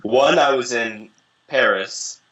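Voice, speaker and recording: A man's voice: mid-range voice, slow, breathy edge, highs cut off. A young man, a guest in an interview, telling casual, profane anecdotes and acting out what people said. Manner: animated, profane, acts out quoted voices. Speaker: interview guest, dating coach. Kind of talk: casual storytelling.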